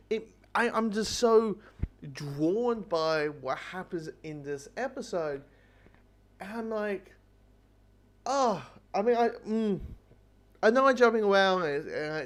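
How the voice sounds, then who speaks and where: Excitable man rambling through a review. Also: fairly high pitch. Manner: rambling, excitable, swears freely. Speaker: TV show reviewer. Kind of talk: casual spoken review.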